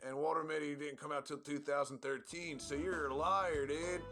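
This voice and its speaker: Guy doing an annoyed bro calling out a liar, higher voice, guitar music. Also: fairly even intonation, moderate pace, lightly acted. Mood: exasperated. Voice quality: exasperated, drawling "dude" and "bro". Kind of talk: comedic song sketch. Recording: song with guitar music behind.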